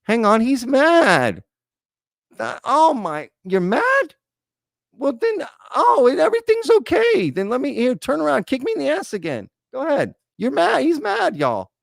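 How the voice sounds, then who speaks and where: A man doing a sarcastic, high, squealing voice of a fussing, mock-fawning bystander. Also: wildly swooping pitch, a little slow, vocal fry, dry recording, clean studio sound, exaggerated voice.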